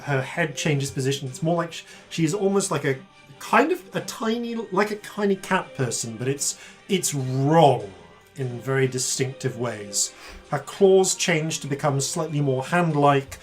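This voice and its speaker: A man narrating as dungeon master, halting and full of fillers and self-corrections. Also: fairly high pitch, animated, faint music behind. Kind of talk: narrating a tabletop game.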